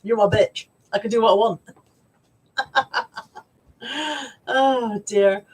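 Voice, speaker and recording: A woman's voice: medium pitch, drawn-out words, darkish tone. A woman hosting a live stream, chatting casually and teasing her viewers with lots of laughs. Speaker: livestream host. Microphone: camera mic on a live stream. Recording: slightly distant from the mic.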